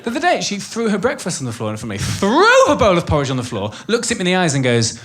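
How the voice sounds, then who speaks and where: Chatty Welsh stand-up comedian, lively pitch. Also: male voice, fast. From Wales. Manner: chatty, swearing, crowd work. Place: comedy club stage with live audience. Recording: live club recording with audience noise.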